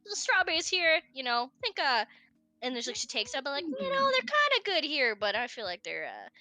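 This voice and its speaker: A woman's voice: sits high, very animated, a little fast, sharp tone, no room sound, faint music behind, exaggerated voice. A woman voicing an eccentric female baker contestant who rambles with many fillers in a half-improvised accent. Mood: earnest.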